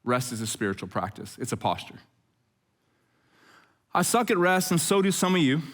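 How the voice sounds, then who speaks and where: A middle-aged man preaching a conversational sermon as pastor, telling stories with jokes and lively asides. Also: mid-range voice. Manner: jokey, animated storytelling with asides.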